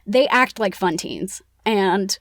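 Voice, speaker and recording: A woman's voice: medium pitch, takes it slowly, a bit bright, no echo, clean studio sound. A woman co-hosting a casual book-club podcast, retelling a plot in a chatty, playful way with lots of "like". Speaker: podcast co-host.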